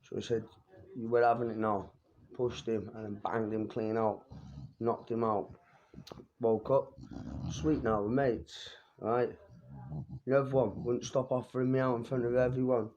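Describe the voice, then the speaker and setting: A man's voice: mid-range voice, steady tone, measured pace, pauses often, a little mellow, highs cut off, a little hiss or hum. A young man telling boastful stories of his street fights, swearing and talking streetwise. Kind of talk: boastful fight-story vlog.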